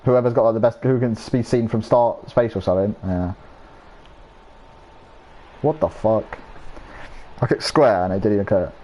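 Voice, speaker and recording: A man's voice: on the low side, moderate pace, pauses often, dark tone, muffled recording. A young man rambling in casual chat while streaming a game, swearing freely and losing his train of thought.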